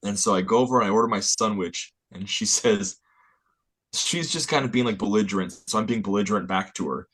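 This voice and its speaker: Animated man telling a story, low voice. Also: brisk, slightly rough. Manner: animated storyteller, laughs often. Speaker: band member guest. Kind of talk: casual chat.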